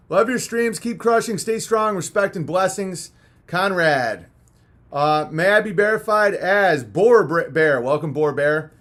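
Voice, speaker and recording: A man with a fairly high, somewhat bright voice hosts a live stream, rambling casually with crude jokes as he reads out viewer messages. After hours of talking, he's a little punch-drunk.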